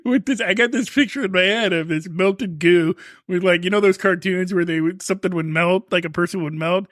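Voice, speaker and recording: Podcast co-host, man, crude joker, a bit high, dry close mic. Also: fairly quick, fairly bright tone, no echo. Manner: crude, joking, laughs often. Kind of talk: casual chat.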